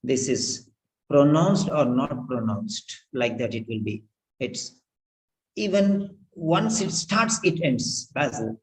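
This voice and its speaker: A man's voice: medium pitch, lively intonation, slow, rough recording. A man teaching pronunciation in an online class, repeating each sound several times over. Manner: repetitive, drills sounds over and over.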